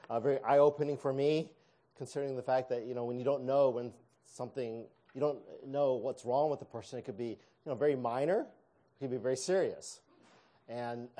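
A middle-aged man preaching a sermon through a personal anecdote, easygoing and wry. His voice is mellow and warm, with a medium pitch. He talks conversationally, with plenty of restarts and self-deprecating humor. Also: moderate pace.

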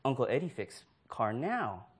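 A man's voice: mid-range voice, big pitch swings, normal speed, slightly rough, pitched below the performer's own voice. A man doing a sulky three-year-old boy. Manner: quiet, pouting toddler talk.

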